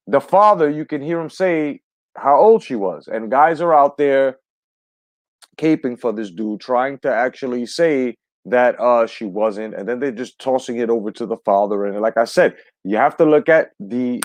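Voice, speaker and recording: A man's voice: mid-range voice, dry recording. A man hosting a live stream from the United States, ranting with heavy profanity and greeting viewers in the chat. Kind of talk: heated live stream commentary.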